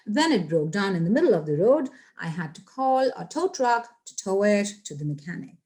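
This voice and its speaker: A woman's voice: mid-range voice, sing-song, moderate pace, a little mellow. A young woman teaching English phrasal verbs in a chatty, repetitive way, addressing viewers directly. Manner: chatty, repeats points, addresses viewers as guys. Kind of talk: casual online grammar lesson.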